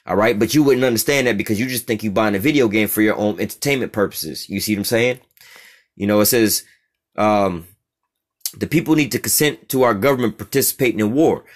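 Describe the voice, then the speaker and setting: A man's voice: lowish voice, fairly quick. A man giving a street-style religious teaching, reading out a text and explaining it in blunt, profane language, often asking "you see what I'm saying?".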